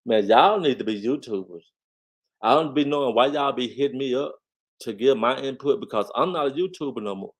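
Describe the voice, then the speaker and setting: Middle-aged man, casual commentary host, emphatic and repetitive, average pitch. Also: brisk. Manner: emphatic, repeats phrases, addresses viewers directly; lively swings in pitch and loudness when stressing a point. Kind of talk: casual commentary on online drama.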